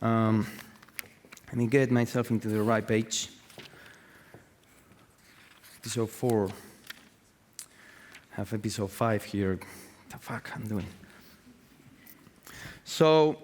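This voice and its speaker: Profane, excitable man in a reverberant hall. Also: fairly low pitch, takes it slowly, pauses often, slight background noise. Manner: profane, excitable, full of fillers and restarts. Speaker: artist giving a talk. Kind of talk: live conference talk. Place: event hall with audience.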